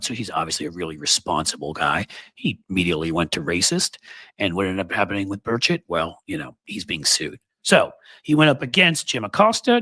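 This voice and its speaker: A sarcastic, rambling political commentator in his fifties, from New York City. His low, husky voice sits close on a studio mic in a dry room. He mocks and riffs freely as he talks. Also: fairly bright tone, no room sound. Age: 50s. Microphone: studio microphone.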